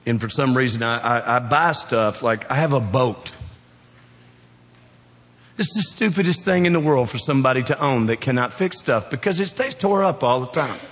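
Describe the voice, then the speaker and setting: A man with a Southern Kentucky drawl preaching a sermon in a church, folksy and joking, swinging from loud emphatic peaks down to quiet, low appeals. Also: lively intonation, normal speed. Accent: Southern US, South Central Kentucky. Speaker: pastor. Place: church sanctuary. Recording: long hall reverb.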